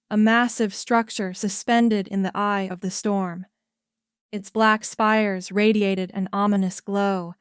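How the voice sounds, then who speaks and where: Slow, smooth-voiced woman narrating sci-fi. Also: mid-range voice, no echo, clean studio sound. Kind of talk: scripted sci-fi story narration.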